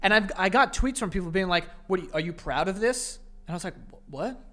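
A young man co-hosting a casual podcast chat, excitable and sweary, his voice leaping up when he gets outraged. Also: high-pitched, fast talker. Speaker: podcast co-host.

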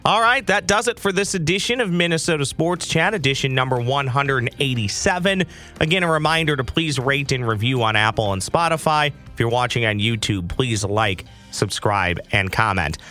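Sports podcast guy, bright voice, chatty and friendly, bit of morning voice, faint music behind. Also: medium pitch, normal speed. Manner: friendly, conversational, upbeat sign-off. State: slight morning voice. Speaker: podcast host. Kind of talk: casual sports podcast chat.

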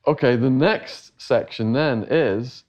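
A man's voice: medium pitch, takes it slowly, darkish tone, lo-fi sound. A middle-aged English man telling a long story in a casual interview, acting out the voices of the people he quotes. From England. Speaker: interview guest.

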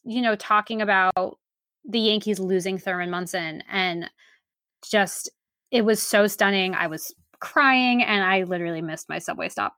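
A woman speaking as a guest on a sports podcast, chatting casually and trailing off into quiet asides. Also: mid-range voice, no echo, clean studio sound. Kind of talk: casual conversation.

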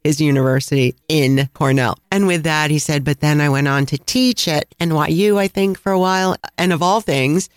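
A man with a Chicago accent, co-hosting a travel podcast and telling a lively anecdote with frequent laughs. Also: a little high, moderate pace, hardly any pauses, smooth, no echo, clean studio sound. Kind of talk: casual storytelling chat.

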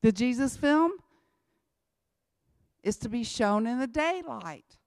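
A woman's voice: a little high, animated, slow, a little mellow, no room sound, studio quality. A woman, giving an emphatic church talk about mission work and repeating her key lines. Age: 60s. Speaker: missionary speaker.

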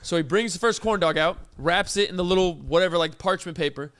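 Podcast co-host, male, high voice, indignant storyteller. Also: quick pace. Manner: animated, indignant storytelling with acted-out quotes. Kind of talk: casual storytelling chat.

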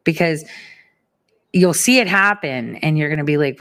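A woman with a deep, low-set voice chats loosely straight to her audience. She rambles through fillers and restarts, with a teasing, giggly edge. It is a casual commentary monologue. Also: animated, a little fast, fairly bright tone. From United States. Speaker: political commentary host.

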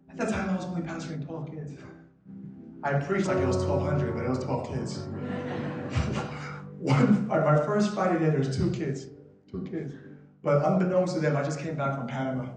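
A young man from Korea preaching a passionate sermon as a youth pastor, moving between quiet confession and shouted exhortation. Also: on the high side, moderate pace, long pauses. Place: church sanctuary. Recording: very echoey hall with loud music behind.

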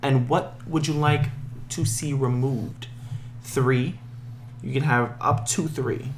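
A man's voice: medium pitch, steady tone, slow pace. Guy chatting about wrestling on a podcast, jokey, trips on names, slight hiss behind. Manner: jokey, stumbles over names. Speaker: podcast co-host. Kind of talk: casual wrestling chat.

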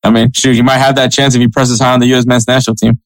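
A man's voice: mid-range voice, flat delivery, rapid-fire, no room sound, low-quality recording. A man co-hosting a casual soccer podcast, chatting with frequent laughs and reading sponsor spots. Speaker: podcast co-host.

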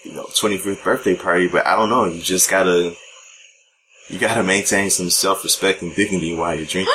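A man co-hosting a podcast in casual chat, talking in a relaxed, candid way with dry quips. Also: deep voice, brisk, background noise. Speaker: podcast co-host.

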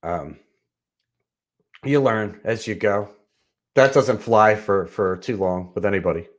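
A man co-hosting a casual podcast chat, speaking in an easygoing, halting way with many small pauses and restarts. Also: lowish voice. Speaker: podcast co-host.

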